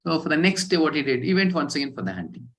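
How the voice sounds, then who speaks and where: A man giving a scripture class, telling a parable in an animated way and acting out the characters' lines. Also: on the high side, racing, rough recording. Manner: animated storyteller, acts out quoted characters. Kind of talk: storytelling sermon.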